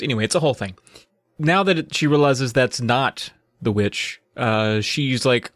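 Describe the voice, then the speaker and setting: A man's voice: medium pitch, lively intonation, normal speed, a bit bright, no echo, studio quality. A man co-hosting a podcast, retelling a book's plot playfully with laughs. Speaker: podcast co-host. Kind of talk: casual book recap chat.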